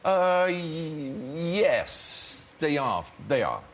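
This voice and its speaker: A man's voice: a little high, big pitch swings. A man, a guest actor telling self-deprecating stories on a talk show with many restarts. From England. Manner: self-deprecating, halting storyteller. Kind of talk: anecdotal talk show chat. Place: TV studio. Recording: TV studio with loud audience.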